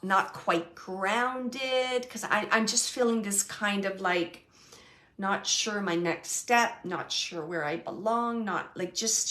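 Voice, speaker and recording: A middle-aged woman giving a mediumship reading, relaying a spirit's message in halting, searching speech full of fillers and repeats, sometimes hushed and sometimes brighter. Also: medium pitch. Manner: soft and hushed at times, then brighter and laughing.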